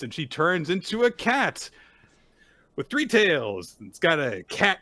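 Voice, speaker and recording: A man's voice: fairly high pitch, wildly swooping pitch, slow, bright, forceful tone, no echo. A man co-hosting a manga recap podcast, recounting the chapter casually, swearing freely and acting out the characters. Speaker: podcast co-host.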